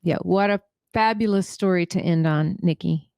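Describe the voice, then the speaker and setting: A woman's voice: on the low side, moderate pace, creaky, dry recording, clean studio sound. Affirming woman co-hosting a podcast. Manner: warmly affirming, short interjections. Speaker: podcast co-host. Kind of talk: casual podcast chat.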